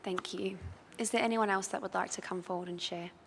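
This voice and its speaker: An Australian woman leads a funeral service and reads a eulogy aloud, soft and measured. Her voice rings out in a chapel with a long reverb. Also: medium pitch, fairly even intonation, gravelly, slight background noise. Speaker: funeral celebrant. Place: crematorium chapel.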